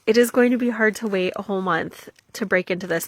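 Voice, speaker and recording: A young woman vlogging about crafts and a gift package, gushing with excitement and dropping from soft whispers to squeals. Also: on the high side, fairly quick, few pauses. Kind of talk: casual vlog, showing crafts.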